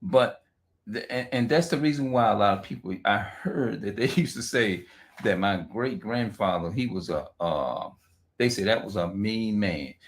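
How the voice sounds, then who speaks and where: Profane rambling man on a livestream. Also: lowish voice. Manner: rambling, profane, heavy restarts and repeated words; halting slow reading aloud with stumbles. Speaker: livestream host. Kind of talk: unscripted livestream monologue.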